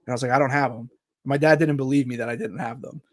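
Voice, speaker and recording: A man in his thirties telling a story casually as a podcast co-host, animated and swearing freely, acting out the other people's lines. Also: mid-range voice, quick pace.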